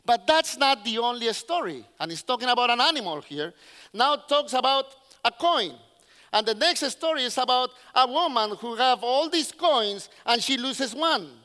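Man preaching, very high voice, bright tone, long hall reverb, english. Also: moderate pace. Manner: animated storyteller who acts out characters; non-native English with slips. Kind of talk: sermon.

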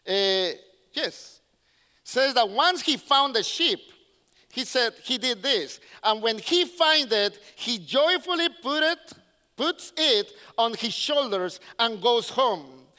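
Man preaching, very high voice, bright tone, long hall reverb, english. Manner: animated storyteller who acts out characters; non-native English with slips. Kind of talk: sermon.

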